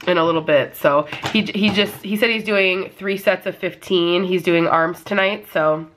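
Young woman, nasal, chatty vlogger, rambling, lowish pitch, home video. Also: moderate pace, a bit bright, slight background noise. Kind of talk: casual chat to camera. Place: at home, indoors.

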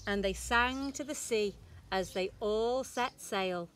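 A woman infant school teacher reading a rhyming picture book aloud to young children, slow, sing-song and expressive, leaning into the rhymes. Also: mid-range voice, slight background noise.

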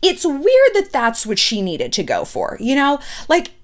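An animated woman delivering casual gossip commentary with a candid, sarcastic edge. Her voice sits a little high and leaps around a lot in pitch. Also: unhurried. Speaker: pop culture commentary host.

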